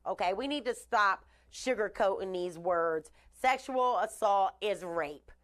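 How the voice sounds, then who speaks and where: A woman hosting a live online show, chatting casually with shout-outs and blunt opinions. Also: mid-range voice, measured pace. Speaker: host. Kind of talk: casual live-stream talk.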